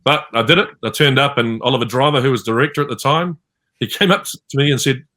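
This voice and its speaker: A man's voice: medium pitch, quick pace, bright, forceful tone. A man with a New Zealand accent, a voice actor telling rambling stories with many fillers in a panel interview over a video call. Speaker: voice actor guest.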